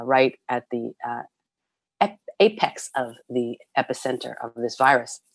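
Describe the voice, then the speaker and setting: A low-pitched woman reads prepared testimony at a public hearing. She speaks earnestly and leans hard on key words. The sound is dry and close, with little room tone. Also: no echo. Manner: earnest, emphatic, reads a prepared statement with stresses and repeats. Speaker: nurses' union president testifying.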